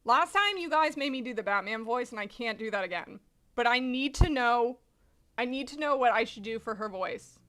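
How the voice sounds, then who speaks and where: A woman's voice: on the high side, lively intonation, normal speed, fairly bright tone. A woman streamer reading a manga aloud in casual live-stream chat, chatty, swearing casually and laughing often.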